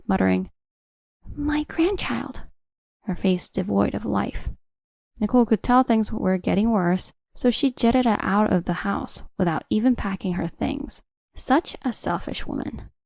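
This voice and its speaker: A woman narrating a first-person revenge drama story in a steady, cold storytelling voice. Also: medium pitch, gravelly, dry recording, studio quality.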